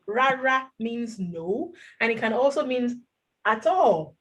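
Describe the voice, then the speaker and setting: A woman with a fairly high voice runs an online language class over a video call. She encourages her students warmly and repeats each word so they can copy it. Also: expressive, takes it slowly. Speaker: language teacher.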